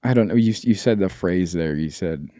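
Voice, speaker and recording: A man's voice: sits low, moderate pace, mellow, no echo, studio quality. A man co-hosting a podcast, speaking earnestly and reflectively, often hesitating and restarting his sentences. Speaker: podcast co-host. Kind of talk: casual chat.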